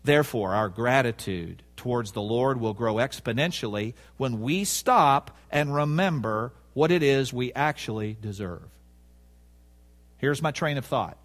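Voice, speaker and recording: A man's voice: medium pitch, expressive, a little slow. A man preaching a sermon, emphatic, repeating key words and asking the congregation rhetorical questions.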